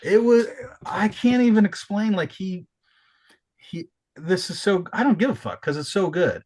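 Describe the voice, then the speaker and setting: Another podcast co-host, this man has a high-sitting voice and talks at a normal speed. In loose conversation he spins animated tales, swearing frequently and starting over again and again.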